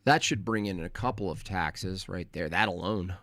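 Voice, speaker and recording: A man hosting a live stream, ranting in a mocking, crude and animated way. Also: sits low, normal speed, no echo. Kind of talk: casual live stream rant.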